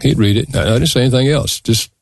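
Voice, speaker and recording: A man's voice: medium pitch, fast, vocal fry, no echo, studio quality. An older man, a podcast guest, telling a candid, emotional personal story in an earnest, reflective way.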